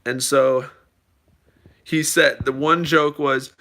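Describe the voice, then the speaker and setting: A man's voice: medium pitch, steady tone, slow, pauses often, bright, forceful tone. A middle-aged man chatting casually to viewers in a playful, rambling way, his voice slightly cracked from a cough. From United States. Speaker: vlogger. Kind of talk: casual chat to camera.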